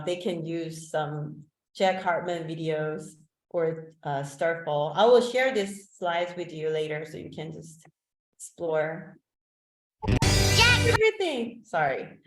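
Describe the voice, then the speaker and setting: Chatty woman teacher in an echoey room. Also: mid-range voice. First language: Korean. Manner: chatty, loose delivery with frequent "like" and "um". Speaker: teacher presenting a webinar. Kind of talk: online teacher-training talk. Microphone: video call microphone.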